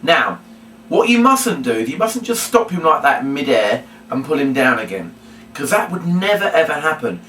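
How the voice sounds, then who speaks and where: This man's voice sits on the high side and is very animated, fairly bright, and moderately paced as he shows how a puppet routine goes. He's a puppetry instructor, talkative and explanatory, often restating his reminders. It's recorded from afar in a roomy space.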